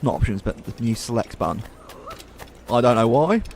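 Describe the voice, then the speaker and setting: A man's voice: mid-range voice, expressive, moderate pace, a little mellow, a little hiss or hum. A man from Wales with a Welsh accent, giving casual, profane let's play commentary as he plays. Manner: profane, ranting. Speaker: gamer.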